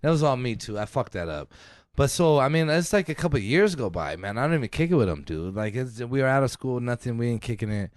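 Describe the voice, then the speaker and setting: A man spinning a loose, profane story on a podcast, his pitch swinging widely as he acts out the people in it. The sound is dry and close, with no room around it. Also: expressive, quick pace, dry recording. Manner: loose, profane storytelling with laughs and acted-out quotes. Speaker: podcast co-host. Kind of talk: casual storytelling chat.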